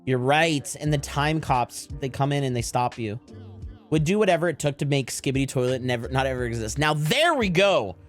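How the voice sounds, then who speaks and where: Animated, rambling male streamer. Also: medium pitch, moderate pace, soft background music. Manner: rambling, joking, profane, frequent laughter. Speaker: live streamer. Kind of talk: casual chat to stream viewers.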